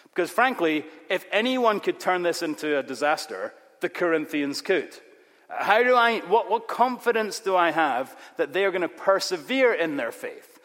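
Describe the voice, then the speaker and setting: A male pastor preaching a sermon, emphatic, with sudden loud rises on key words. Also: sits high, very animated, moderate pace. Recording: long reverb of a large hall.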